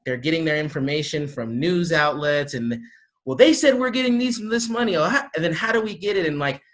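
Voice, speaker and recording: A man speaking on a video call panel, energetic and rambling, with many fillers and restarts. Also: medium pitch. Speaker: panelist from a small-business support group.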